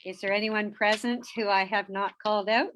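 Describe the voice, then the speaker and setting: A woman's voice: medium pitch, steady tone, normal speed, a bit bright. A woman chairing a council meeting over a video call, running the votes and roll call politely with small fillers.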